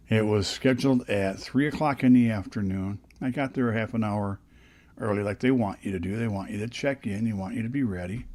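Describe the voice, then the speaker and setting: A man's voice: on the low side, a little mellow. An older man telling stories in a casual vlog, rambling and chatty with lots of restarts, recorded close on a dynamic studio microphone. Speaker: podcast host.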